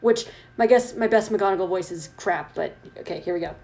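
A woman's voice: medium pitch, a little fast, few pauses. A woman co-hosting a casual comedy podcast, reading a story aloud and laughing often. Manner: giggly, animated, laughs often. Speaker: podcast co-host.

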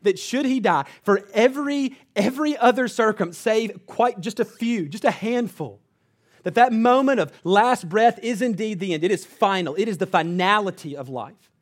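High-voiced earnest man preaching. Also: lively intonation, normal speed. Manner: earnest preaching, dropping to low quiet emphasis. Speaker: pastor. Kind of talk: sermon.

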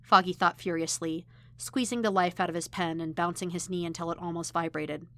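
A woman narrating a fan fiction story in an expressive, lively reading. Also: lowish voice, brisk. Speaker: podfic reader.

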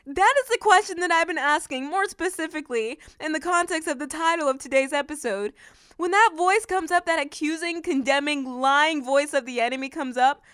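A woman hosting a devotional podcast, reading scripture softly and then preaching with fervent, emphatic exclamations. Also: sits high, dry recording, studio quality. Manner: reads scripture slowly and softly.

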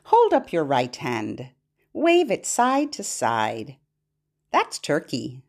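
A woman hosting a podcast for babies, singing nursery rhymes and fingerplays in a playful, sing-song way and giving parents gentle instructions. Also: sits low, huge pitch swings, slow.

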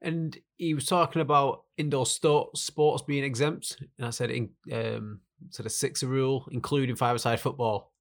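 A man's voice: medium pitch, steady tone, normal speed, creaky, few pauses. A man co-hosting a casual banter podcast, throwing in dry jokes and asides. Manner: dry quips and joking asides. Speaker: podcast co-host.

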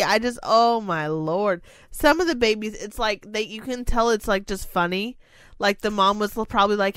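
A woman's voice: medium pitch, moderate pace, fairly bright tone, clean tone, dry recording. A woman co-hosting a casual podcast, ranting with lots of swearing and exasperation. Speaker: podcast co-host. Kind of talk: casual chat.

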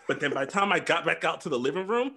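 A man's voice: on the high side, animated, fast, bright, forceful tone, slightly rough. A young man casually telling a rambling, profane story to a friend on a talk show, laughing through it and repeating himself. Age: young adult. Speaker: podcast host telling a story.

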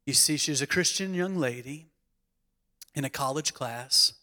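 A man's voice: mid-range voice, moderate pace, sharp tone. A man, a pastor, preaching a sermon and telling a story with dramatic emphasis, acting out the voices of the people in it.

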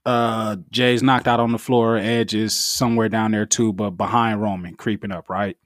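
A man in casual podcast chat, telling things in an animated, profane, slangy way. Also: lowish voice, normal speed, no echo, clean studio sound.

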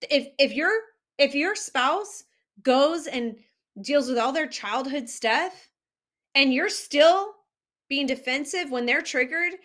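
A woman's voice: sits high, animated, slow pace, fairly bright tone. A woman coaching couples, talking earnestly and directly to the listener about healing a marriage. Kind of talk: direct-to-camera advice talk.

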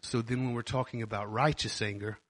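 A man's voice: medium pitch, steady tone, fairly quick, fairly bright tone, no room sound. A man co-hosting a faith podcast, explaining Bible terms in a casual way, often repeating words and checking that listeners follow. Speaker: podcast co-host. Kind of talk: casual Bible teaching chat.

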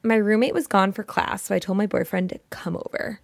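A young woman co-hosting a podcast, talking casually and giggling as she reads out a story. Her voice has a gravelly fry to it. The sound is dry and close on a studio mic. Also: mid-range voice, steady tone, brisk, dry recording. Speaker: podcast co-host. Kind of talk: casual chat and reading a listener story.

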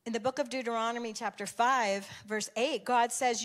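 Older woman preaching with animated storytelling. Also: a little high, moderate pace, hardly any pauses. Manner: animated storytelling with emphatic repetition. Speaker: speaker sharing a devotional message. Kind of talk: conversational sermon.

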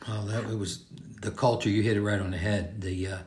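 An older man, a former teacher, telling animated stories in casual conversation. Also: a little fast, reverberant, a little hiss or hum. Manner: animated storyteller, does squeaky kid voices. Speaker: guest, retired teacher. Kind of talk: casual storytelling.

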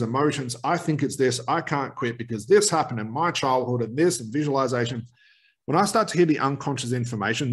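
A man who trains hypnotherapists talks straight to the camera in a teaching video. His delivery is energetic, and he acts out sudden interruptions of a talkative client. His voice sits at an ordinary middle pitch for a man.

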